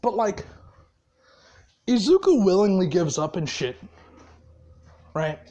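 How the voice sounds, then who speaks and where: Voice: mid-range voice, big pitch swings, slow, mellow, highs cut off. Rambling, profane casual storyteller. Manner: rambling, profane, laughs often. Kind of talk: casual spoken fan-fiction storytelling.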